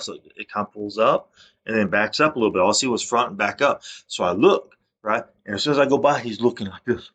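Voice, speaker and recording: A man with a very low, deep voice talks straight to camera in a long, rambling monologue. He sounds agitated and keeps restarting his sentences, and his voice swings from a low mutter up to loud bursts. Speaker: vlogger.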